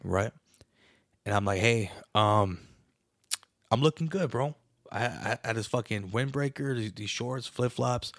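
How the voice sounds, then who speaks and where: A young man casually telling a long story on a podcast, animated and profane, calling everyone bro. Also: medium pitch, measured pace, vocal fry, pauses often, no echo, studio quality. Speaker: podcast co-host.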